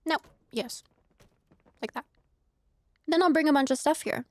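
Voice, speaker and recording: Chatty young woman streamer, high voice. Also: unhurried, a little mellow, no echo. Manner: chatty, rambling asides, laughs often. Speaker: streamer playing a farming game. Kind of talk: casual let's-play chat.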